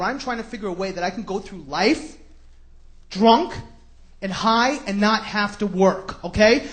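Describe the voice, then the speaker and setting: Brash stand-up comic with a New York accent. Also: male voice, extremely high pitch, a little hiss or hum. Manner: brash, sarcastic ranting with sudden shouts. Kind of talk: stand-up comedy routine.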